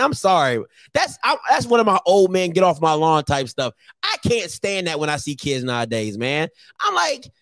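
A man's voice: sits high, fairly bright tone, dry recording, clean studio sound. A man in his thirties hosting a sports picks show, ranting casually to camera with slang and laughing asides. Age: 30s.

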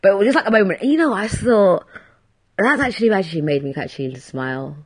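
A woman's voice: medium pitch, animated, quick pace, slightly rough. A woman hosting a solo podcast, chatting in a rambling, self-deprecating way. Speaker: podcast host. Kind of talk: casual solo podcast chat.

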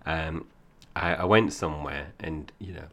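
A man's voice: very deep voice, a little slow, fairly bright tone. A man in his forties from Essex, with a slight Cockney accent, co-hosting a film podcast in rambling casual chat. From Essex, England. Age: 40s. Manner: chatty, rambling, laughs often. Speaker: podcast co-host.

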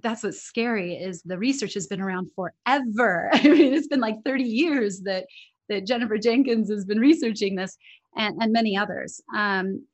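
A woman speaking as an interview guest, her voice sitting at a middle pitch. She talks in an animated, emphatic way and keeps restarting her sentences. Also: normal speed. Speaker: interview guest, English teacher trainer. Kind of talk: conversational interview.

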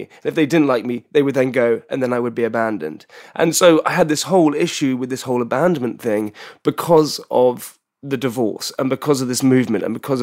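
Energetic young Englishman telling his story. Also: medium pitch. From England. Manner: energetic, tumbling restarts and repetitions. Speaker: guest. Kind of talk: candid personal storytelling.

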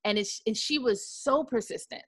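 Bright-voiced woman host, affirming. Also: a little high, normal speed. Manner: affirming, laughs along. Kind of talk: casual chat.

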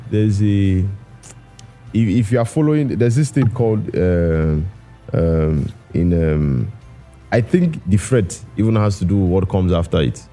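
A man in a casual Bible discussion who reads verses slowly and often repeats his partner's words, hesitating as he searches for his point. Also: low voice, expressive, warm tone, faint music behind. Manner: hesitant, echoes the other speaker's words. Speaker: Bible study co-host.

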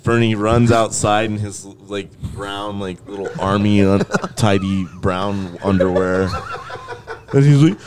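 A man's voice: lowish voice, measured pace, hardly any pauses. A man hosting a podcast, telling profane, laughing stories in casual chat. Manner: laughing, profane, animated storytelling. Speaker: podcast host.

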